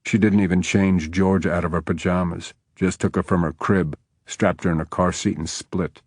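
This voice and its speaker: A man doing a gruff, surly lawman. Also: low voice, fairly even intonation, moderate pace, no room sound, clean studio sound. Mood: bitter. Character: surly, guarded widowed male lawman.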